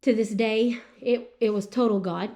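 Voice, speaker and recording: A woman, a podcast guest telling an emotional personal testimony in an earnest, animated way. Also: a little high, normal speed. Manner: earnest and animated, with frequent "you know what I'm saying". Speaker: guest sharing her testimony.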